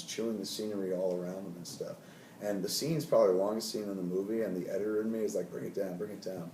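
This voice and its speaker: A man in his forties, a film director, animated and profane, telling stories from a film set in an interview and quoting people in put-on voices. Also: on the low side. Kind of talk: interview storytelling. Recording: roomy, from far off, faint noise.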